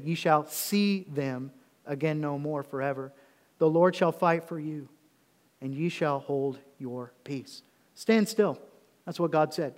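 Middle-aged male pastor, high tenor voice, preaching with swells of intensity, long hall reverb. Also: darkish tone. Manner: preaching with rising intensity, reading scripture slowly. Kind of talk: sermon.

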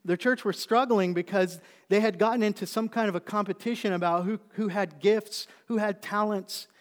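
A middle-aged man, a pastor preaching a sermon, telling a story and then building into animated emphasis. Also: high-pitched, moderate pace. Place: church sanctuary. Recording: long reverb of a church hall.

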